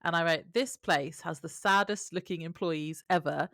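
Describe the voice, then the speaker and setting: A woman's voice: lowish voice, normal speed, gravelly, fairly bright tone, no echo, clean studio sound. A woman co-hosting a podcast who reads from her notes in casual chat and laughs often. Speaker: podcast co-host. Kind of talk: casual chat recapping a TV episode.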